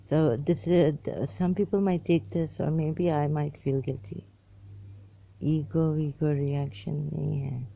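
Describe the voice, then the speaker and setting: A vlogger giving a rambling personal monologue, halting and repeating phrases. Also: mid-range voice, little pitch movement, creaky, warm tone.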